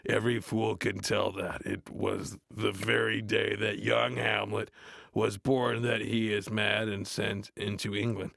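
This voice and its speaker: An actor playing a gruff, blunt adult metal frontman, reading a play aloud in a deadpan, grumbling way and mocking the text. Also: fairly low pitch, measured pace, no echo, studio quality, full character voice. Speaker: reader of a play. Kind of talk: comedic read-aloud with running complaints.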